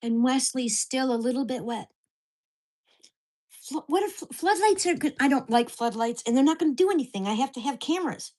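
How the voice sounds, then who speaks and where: A woman with a fairly high voice vents to the camera in a casual home vlog. She is blunt and heated, and she swears freely as she tells a long grievance story about her neighbors. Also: animated, a little fast, mellow. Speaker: vlogger.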